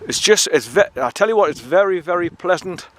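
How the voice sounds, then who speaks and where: Walking his dog along a woodland trail beside a stream, a man chats and rambles casually, switching to a coaxing voice for the dog. His voice sits high, expressive and fairly quick. The handheld camera mic gives poor audio, with loud wind noise hitting it.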